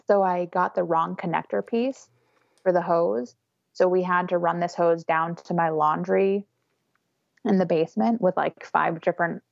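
Young woman laughing thru a story, low gravelly voice, kinda dull dry recording. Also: no room sound. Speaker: guest telling her birth story. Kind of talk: casual conversation.

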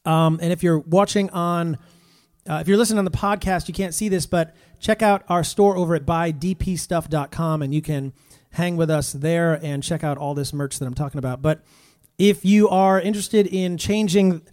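Chatty high-voiced male live-stream host. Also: moderate pace, darkish tone. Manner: chatty, reads out viewer comments, talks to his pet. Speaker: Christian musician hosting a live stream. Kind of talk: casual live-stream chat. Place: room in his home. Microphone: phone.

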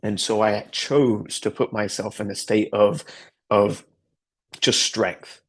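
A man's voice: on the low side, steady tone, takes it slowly, breathy edge. A man hosting a podcast, telling a personal story in an earnest, reflective way with a lot of repetition. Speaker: podcast host. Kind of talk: personal story, motivational talk.

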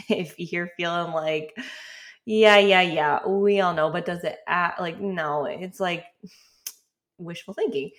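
A woman in her thirties hosting a podcast, talking casually and chattily with frequent fillers and light laughs. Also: on the low side. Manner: chatty, relaxed, lots of "like" and laughs. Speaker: podcast host. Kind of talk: casual solo podcast talk.

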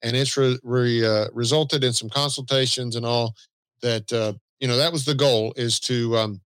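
A man's voice: medium pitch, fairly even intonation, normal speed, a bit bright, clear, resonant tone, no echo. A man with a Southern US accent co-hosting a podcast in easygoing, self-deprecating casual chat. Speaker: podcast co-host.

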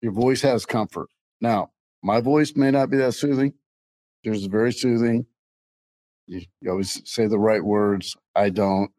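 A man's voice: on the low side, a little slow, mellow, poor audio. A middle-aged man co-hosting a casual faith podcast, rambling and joking, laughing often. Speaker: co-host.

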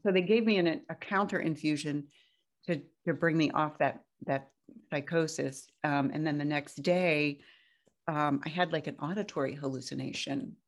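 A woman guest telling a personal story in a casual, animated way, jumping up high when she quotes herself. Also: normal speed. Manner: animated, breaks into high-pitched quoted outbursts.

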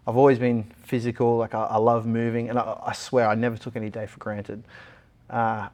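A man's voice: mid-range voice, brisk. Australian man telling his story. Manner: animated retelling, acting out other people's lines. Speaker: interview guest. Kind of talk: storytelling in a casual interview.

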